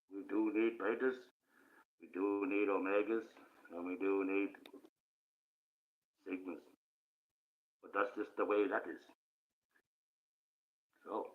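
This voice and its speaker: Aussie guy doing a fake ominous voice, kinda low, rambling on about spirit stuff, sounds like a tinny phone line. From Australia. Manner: puts on an ominous put-on voice rather than his real one; slow, rambling spiritual musings. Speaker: live streamer. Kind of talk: casual spiritual monologue on a livestream. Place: indoors, speaking under a mask by candlelight.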